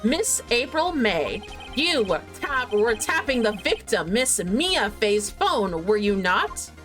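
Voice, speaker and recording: Woman playing a young male defense attorney, determined, pointed, lively pitch, faint music. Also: takes it slowly, heavily acted. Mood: pressing.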